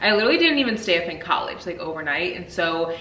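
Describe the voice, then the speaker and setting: A woman in her thirties talks to camera in a relaxed, rambling book-vlog style. Her voice sits slightly low, and she fills her sentences with "like" and "literally" as she goes. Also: fast talker, recorded from a distance, low-quality recording. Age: 30s. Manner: chatty, fillers of "like" and "literally". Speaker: book vlogger. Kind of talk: casual chat to camera.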